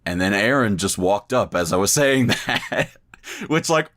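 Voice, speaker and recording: A man's voice: fairly low pitch, animated, a little slow, fairly bright tone. A man on a podcast telling a long, rambling story in casual chat, swearing freely and restarting his sentences often. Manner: rambling, profane, frequent restarts. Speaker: podcast co-host.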